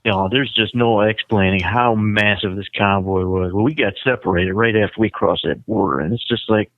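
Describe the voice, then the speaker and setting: A man's voice: lowish voice, fairly quick, no echo. Male guest, laid-back profane storyteller, dull lo-fi sound. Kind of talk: casual chat.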